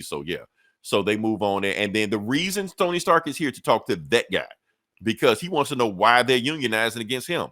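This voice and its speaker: Animated man retelling a comic, playing every character. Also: lowish voice, fairly quick, no room sound, studio quality. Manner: animated, acts out characters' lines, profane, laughs often. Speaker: comic book reviewer.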